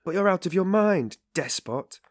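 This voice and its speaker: A tipsy, blustering young man, read by a male narrator pushes his voice up and loud, loyal and impatient. The sound stays dry and close. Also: mid-range voice, lively intonation, normal speed, no room sound, pitched above the performer's own voice, close to an everyday voice.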